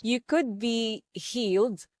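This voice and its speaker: A woman co-hosting a podcast in casual chat, speaking in a calm, measured way. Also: fairly high pitch, no echo, clean studio sound. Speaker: podcast co-host.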